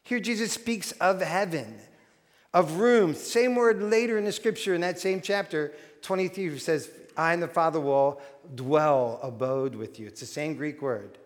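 Man, pastor, lively sermon delivery, raised pitch, long reverb. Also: unhurried. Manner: animated, acts out quoted voices.

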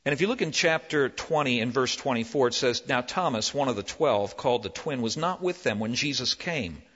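A man preaching a sermon as pastor, animated, swinging between loud emphasis and hushed, slow lines. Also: mid-range voice, husky. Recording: dull lo-fi with long hall reverb.

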